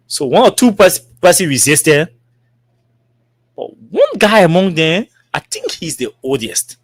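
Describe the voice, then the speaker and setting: A man's voice: on the high side, measured pace, dry recording. A man with a Liberian English accent, telling a long story and acting out the dialogue with lots of repetition. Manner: animated, acts out dialogue with repetitions. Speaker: talk show host. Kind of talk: storytelling monologue.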